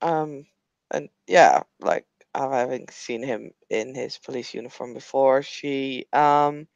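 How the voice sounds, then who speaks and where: A woman's voice: a bass voice, slow pace, vocal fry, a little mellow, no room sound, muffled recording. A woman playing a tabletop role-playing game, describing her character's actions in a hesitant, casual way with many fillers. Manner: hesitant, lots of fillers, laughs easily. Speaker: tabletop player.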